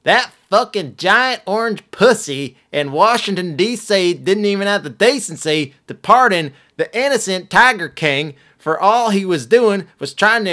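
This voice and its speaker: A man's voice: high voice, sharp tone, voice pushed up, exaggerated voice. A man doing a comic impression of a furious, foul-mouthed male ex-zookeeper ranting with profanity.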